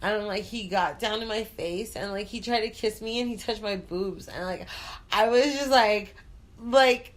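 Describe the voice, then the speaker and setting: A woman's voice: mid-range voice, unhurried. A woman hosting a talk show, a bubbly, chatty storyteller who speaks frankly and swears freely. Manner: frank and profane. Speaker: host. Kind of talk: casual chat.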